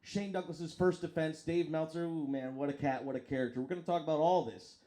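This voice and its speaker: A man hosting a live stream and commentating wrestling in an excitable, profane way that hollers at the action. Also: a little high, a little fast. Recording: crowd noise and music behind.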